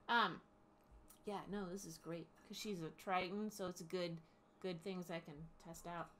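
A woman's voice: lowish voice, steady tone, moderate pace, a bit bright, slight background noise. A woman running a tabletop game as game master, chatting casually with many ums and restarts.

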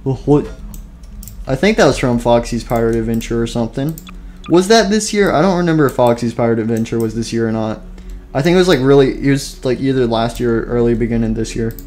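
A gaming YouTuber with a mid-range, slightly mellow voice talks a little fast as he plays at his computer. His casual commentary rambles, full of fillers and self-deprecation, and he sounds tired and out of breath.

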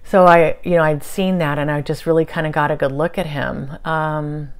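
Low-voiced woman recounting a spiritual session. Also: steady tone, moderate pace. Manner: meandering, soft-spoken, many fillers and restarts. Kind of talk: casual spiritual storytelling. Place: at home on a couch.

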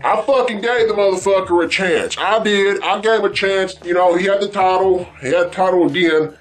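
High-voiced man in a profane rant. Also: a little fast. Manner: blunt, heavy swearing, repetitive. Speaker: vlog host ranting about wrestling. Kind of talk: profane angry rant to camera.

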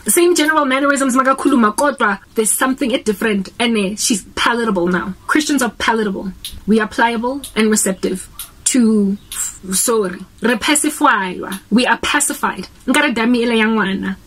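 Husky South African woman preaching casually. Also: a little high. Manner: earnest, switches between English and Sesotho mid-sentence. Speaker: Christian vlogger.

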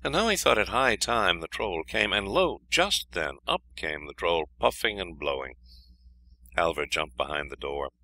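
A man reading a fairy tale aloud in an expressive, lively storytelling manner. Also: low-pitched, moderate pace, vocal fry, poor audio. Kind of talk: scripted fairy-tale narration.

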